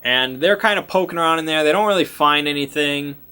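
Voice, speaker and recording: A man's voice: on the high side, a little fast, sharp tone, clear, resonant tone. A young man as game master, casually recapping a tabletop game session in a rambling way, full of "like" and restarts. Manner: rambling, lots of "like" and restarts, chuckling.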